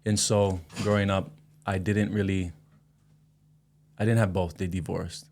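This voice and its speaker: Gravelly-voiced man in his thirties. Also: low voice, a little slow. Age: 30s. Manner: relaxed, reflective, slangy. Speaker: musician guest. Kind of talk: casual interview chat.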